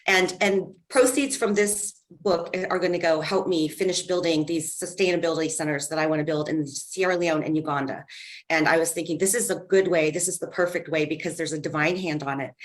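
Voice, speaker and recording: A woman guest author on a podcast, speaking in a heartfelt, earnest way. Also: fairly low pitch. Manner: heartfelt, earnest, faith-driven. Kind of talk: casual interview chat.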